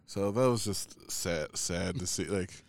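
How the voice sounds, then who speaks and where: A man's voice: deep voice, measured pace, vocal fry, no room sound. A man in casual chat, telling a long story in a rambling way, full of "like" and swearing.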